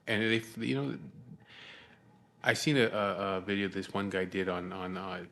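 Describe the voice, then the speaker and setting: Deep-voiced man rambling. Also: normal speed, a bit bright. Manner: profane, rambling, frequent "you know what I mean". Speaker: vlogger. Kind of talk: casual storytelling to camera.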